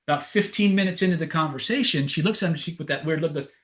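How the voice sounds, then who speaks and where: A man's voice: on the high side, fast. A man leading a live webinar, telling a story and acting out the dialogue, often checking in with "right?". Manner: storytelling, acts out dialogue, frequent "right?" tags. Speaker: seminar trainer. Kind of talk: live webinar teaching with anecdotes. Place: online webinar.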